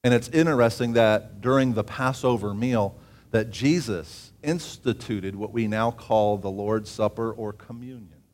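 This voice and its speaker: A man preaching a sermon, reading scripture aloud with asides and often rising in pitch and volume for emphasis. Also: unhurried, darkish tone.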